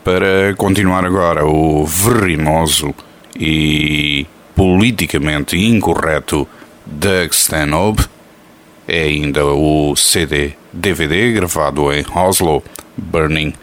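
A man, presenting a radio show in a calm, measured announcing style. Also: very deep voice. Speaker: radio host.

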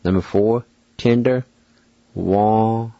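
A man hosting a radio language lesson, spelling each word out letter by letter and repeating it slowly. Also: on the low side, vocal fry, dark tone, dry recording, highs cut off. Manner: deliberate, spells out words letter by letter and repeats them. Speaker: radio show host teaching language. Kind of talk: slow spelling and pronunciation lesson.

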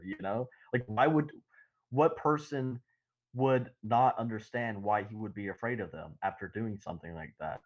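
A man with a fairly low voice talks casually on a podcast, telling long rambling stories with bursts of laughter. The recording is dull and lo-fi, with the top end rolled off. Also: normal speed. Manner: rambling, animated storytelling with laughs. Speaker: podcast co-host. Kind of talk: casual chat.

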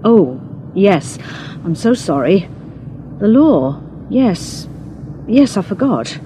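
A woman's voice: mid-range voice, sing-song, takes it slowly, warm tone, slight background noise. A woman voicing a polite, old-fashioned male hitchhiker of about forty, speaking formally and courteously.

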